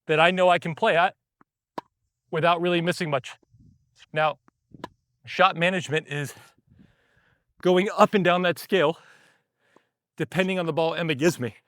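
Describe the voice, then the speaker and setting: A man's voice: on the high side, fairly bright tone, no room sound, clean studio sound. A man teaching tennis while he rallies on a court, a bit out of breath, explaining in short bursts between shots. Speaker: tennis coach.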